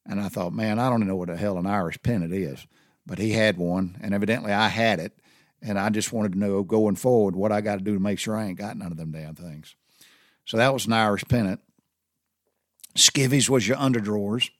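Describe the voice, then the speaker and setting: A man's voice: on the low side, brisk, no echo, studio quality. A man with a Southern US accent, a Navy veteran rambling casually through sailor slang with many restarts. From Southern United States. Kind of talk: casual spoken monologue.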